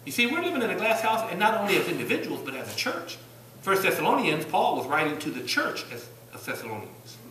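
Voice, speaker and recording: The preacher, a Virginian with a Southern accent, talks fast in a high, somewhat bright voice marked by huge pitch swings. He delivers an emphatic sermon with rhetorical questions to the congregation, recorded from afar in a reverberant church sanctuary with a little hiss or hum.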